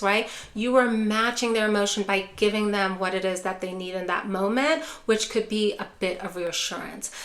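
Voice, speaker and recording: A fairly high-voiced woman speaks to camera as a neuropsychologist teaching family caregivers. She coaches patiently and keeps checking in with "right?" and "okay?". Her voice rings around an echoey room. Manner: warm, repetitive coaching with frequent "right?" and "okay?". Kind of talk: educational talk to camera.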